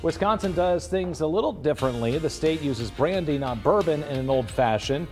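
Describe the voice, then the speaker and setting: A man's voice: a little high, animated, moderate pace, darkish tone, faint music behind. A man anchoring morning TV news, joking and ad-libbing between stories. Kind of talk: playful morning news banter. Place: TV news studio.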